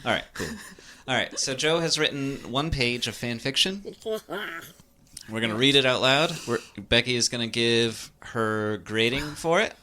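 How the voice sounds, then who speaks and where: A man's voice: medium pitch, pushed and bright, a little hiss or hum. A young man hosting a podcast game, joking and teasing in casual banter. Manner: joking, teasing, quick asides. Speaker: podcast host running a game.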